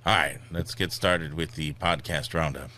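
A man hosting a podcast, talking in a casual, animated way. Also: rumbling low, moderate pace. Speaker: podcast host.

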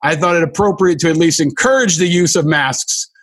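Effusive, slightly high-voiced male host. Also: a bit bright. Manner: gushing, halting with many restarts. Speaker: podcast host. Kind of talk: effusive interview hosting.

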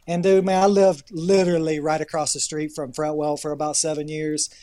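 A man's voice: fairly high pitch, little pitch movement, fairly quick, mellow. A man with a Southern American accent chatting earnestly and casually. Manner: earnest, peppers talk with "man". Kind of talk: casual chat.

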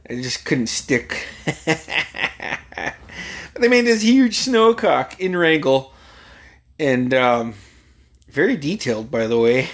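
A man in his forties from Alaska tells a casual, rambling story, swearing freely and chuckling as he goes. His voice sits at an ordinary middle pitch. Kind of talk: casual anecdote telling.

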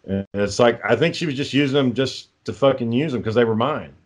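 A man's voice: medium pitch, fairly quick. A man telling dry, profane anecdotes in casual podcast chat. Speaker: co-host.

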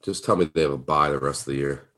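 A man hosting a sports betting podcast, chatting casually and getting excited in sudden bursts. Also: fast. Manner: excitable, big leaps in pitch. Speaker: podcast host.

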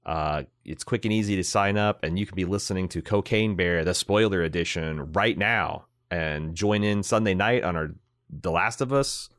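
A man co-hosting a podcast, chatting casually about movies, animated and swearing freely. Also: deep voice, moderate pace, no echo, studio quality. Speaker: podcast co-host.

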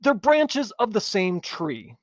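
A man's voice: sits high, sing-song, slow, dry recording. Angry ranting male talk show host. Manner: blunt and insulting toward politicians. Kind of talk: political talk show monologue.

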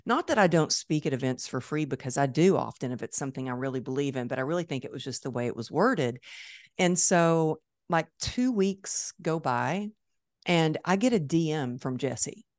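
A woman hosting an interview podcast, telling a story with animated energy and putting on the voices of the people in it. Her voice sits low for a woman. The sound is dry and close. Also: normal speed, dry recording. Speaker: podcast host.

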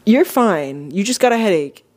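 A man's voice: high-pitched, moderate pace. Laughing, cursing young podcast co-host man. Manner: laughs often, swears freely, animated storytelling. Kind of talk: casual podcast chat.

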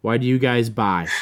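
Male podcast host, mid pitch, ranting and swearing in casual chat. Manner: profane, animated ranting.

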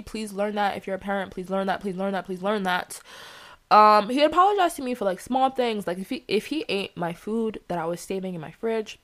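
Young woman podcaster ranting, blunt, swears a lot, heated. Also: medium pitch. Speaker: podcast host. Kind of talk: candid solo podcast monologue.

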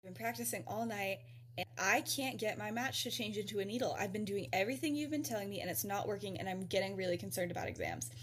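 A woman's voice: medium pitch, fast, close to an everyday voice. A woman voicing a sensitive eleven-year-old schoolgirl who sounds worried and close to tears. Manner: worried, teary.

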